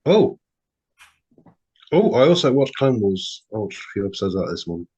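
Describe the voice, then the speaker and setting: A man's voice: fairly low pitch, big pitch swings, normal speed, a little mellow, husky, muffled recording. A man, co-hosting a podcast in casual chat with dry joking asides. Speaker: podcast co-host.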